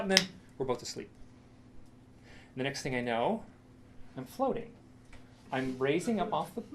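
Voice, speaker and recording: A middle-aged man speaks in a lecture room, recounting a personal experience in a storyteller's way. His voice is mid-pitched with a gravelly, fry-tinged texture, and he often stops, restarts and repeats phrases. A faint noise sits behind the recording. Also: darkish tone. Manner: halting, repeats himself, dramatic quoted asides.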